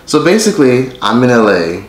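A man's voice: medium pitch, very animated, fairly quick. A man vlogging casually to his phone camera, joking with viewers and swearing often. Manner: profane, joking, talks to viewers directly. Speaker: YouTuber vlogger. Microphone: phone held by hand. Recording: echoey room, faint noise.

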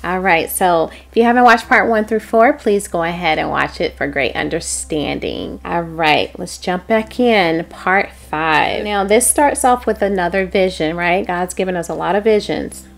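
A woman hosting a devotional prophetic message, speaking earnestly and dropping into soft, whispered prayer. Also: on the low side, moderate pace, gravelly, few pauses. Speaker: host and prophetic teacher.

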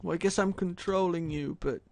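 A man doing let's play commentary, muttering low and then breaking into loud frustrated shouts. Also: normal speed, gravelly, dry recording. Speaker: gaming commentator.

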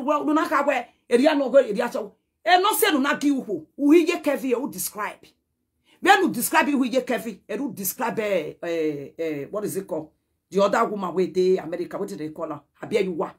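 A woman's voice: fairly high pitch, breathy edge. A Nigerian woman speaking to the camera in a heated message, scolding and pleading by turns and moving between Pidgin and a local language. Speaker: social media personality.

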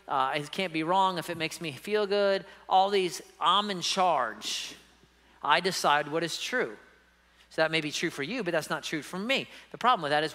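A man's voice: fairly high pitch, pushed and bright, in a large hall. A man preaching a sermon as pastor, emphatic and conversational, often checking in with the congregation. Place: church sanctuary.

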